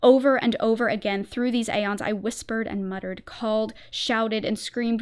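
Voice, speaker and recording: A woman streamer doing a theatrical reading of a horror story, her narration tense and swelling in volume at dark moments. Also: on the high side, steady tone, normal speed, hardly any pauses, smooth.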